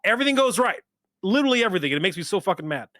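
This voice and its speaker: A man's voice: sits high, racing, no room sound, studio quality. A young adult man hosting a casual movie chat, telling stories with a lot of swearing and laughter. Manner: animated, swearing, laughing storyteller. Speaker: podcast host.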